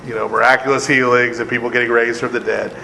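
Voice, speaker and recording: A priest's mid-range voice stays fairly flat in pitch and comes out fast, creaky and sharp. He leads a conversational Bible study, often asking "right?", laughing and adding sarcasm, in an echoey room with long reverb and a faint air conditioning hum.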